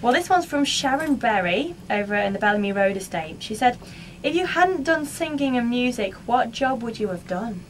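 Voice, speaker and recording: English woman, local radio host, higher voice, smooth upbeat links, faint hiss behind. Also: animated, normal speed. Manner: chirpy, polished presenter patter. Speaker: radio presenter. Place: radio studio.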